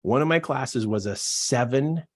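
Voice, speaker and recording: A man giving an emphatic, repetitive motivational talk as a business coach, animated and preaching. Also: mid-range voice, normal speed. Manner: animated, acts out quoted voices.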